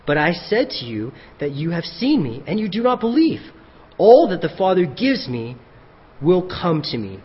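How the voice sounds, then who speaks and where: A high-pitched, lively male preacher delivers a sermon, jumping into the voices of the people he quotes. His voice is slightly husky. It carries long reverb in a church hall and sounds dull and lo-fi. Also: normal speed. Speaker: pastor.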